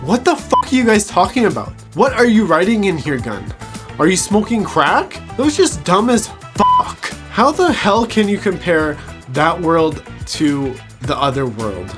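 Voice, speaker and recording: Over music, a TV show reviewer with a high, very animated voice recaps an episode at an unhurried pace. His take is casual, crude, and mocking, full of swearing and laughing at his own jokes.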